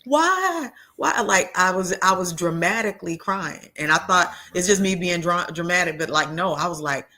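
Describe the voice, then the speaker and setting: A woman telling a heartfelt personal story as a guest, earnest and halting, often restarting and repeating words. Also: fairly low pitch, steady tone, pushed and bright. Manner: acts out quoted voices of others in her story.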